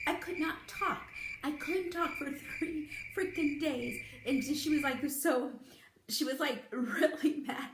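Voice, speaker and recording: A woman's voice: high voice, a little slow, roomy sound, noisy background. A woman in her fifties, telling stories to camera in a chatty, giggly way. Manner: chatty, giggly, animated storytelling. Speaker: beauty vlogger. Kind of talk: casual storytelling to camera.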